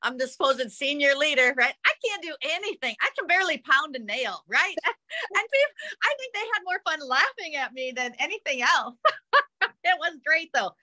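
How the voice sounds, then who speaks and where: A woman's voice: sits high, sing-song, moderate pace, sharp tone. A woman senior leader on a panel, chatty and self-deprecating, often tagging "right?". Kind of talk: casual chat.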